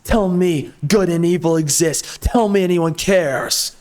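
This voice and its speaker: A man's voice: a little high, a little slow, few pauses, darkish tone. A man hosting a gameplay video, ranting in an angry, sarcastic and mocking way. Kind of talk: ranting commentary over gameplay.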